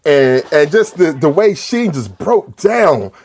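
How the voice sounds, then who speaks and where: A man co-hosting a casual film discussion, emphatic and quick to exclaim. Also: on the high side, very animated, darkish tone, slight background noise. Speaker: podcast co-host.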